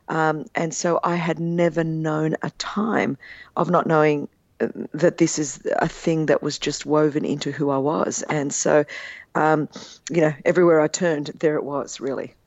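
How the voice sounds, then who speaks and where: A woman's voice: low-pitched, dry recording, highs cut off. Earnest woman telling her story. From Australia. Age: 50s. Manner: earnest, animated retelling with acted-out quotes. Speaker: guest author. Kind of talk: personal storytelling in an interview.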